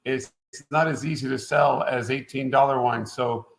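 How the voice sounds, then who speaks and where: A middle-aged man from Quebec, a winemaker guest in a relaxed interview. He rambles from one anecdote to the next at an ordinary pitch and keeps the tone loose and conversational. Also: normal speed, gravelly, low-quality recording. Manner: rambling and anecdotal, frequent "uh" fillers. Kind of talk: casual interview storytelling.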